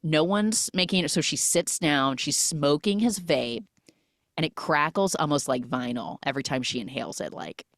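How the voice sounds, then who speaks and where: A woman's voice: low-pitched, moderate pace, no echo, clean studio sound. A woman recapping a film on a podcast in a casual, chatty way, full of "like" and "you know," who acts out the characters' lines as she goes. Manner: chatty, filler-heavy storytelling that acts out the lines.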